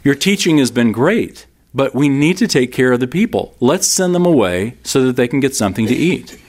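A man's voice: medium pitch, lively intonation, moderate pace, a little mellow. A man teaching a Bible class in a sermon style, emphatic, repeating key lines and speaking straight to his listeners.

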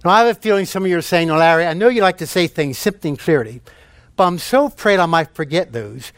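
A man's voice: on the high side, animated, quick pace, dry recording. A man preaching a sermon, telling jokes and repeating key phrases for emphasis.

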